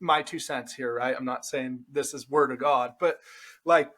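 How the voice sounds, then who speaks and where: A man's voice: mid-range voice, steady tone, moderate pace, a bit bright. A man hosting a podcast, asking questions in a casual chat and hedging his opinions, often tagging his lines with "right?". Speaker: podcast host.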